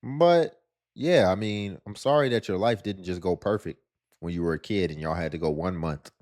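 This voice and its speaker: A man's voice: sits low, darkish tone. A man giving sarcastic, lecturing reaction commentary on a video clip.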